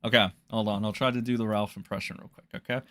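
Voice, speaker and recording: A man's voice: on the low side, steady tone, quick pace, sharp tone, no echo, clean studio sound. A man ranting in a casual commentary, profane, scornful and rambling.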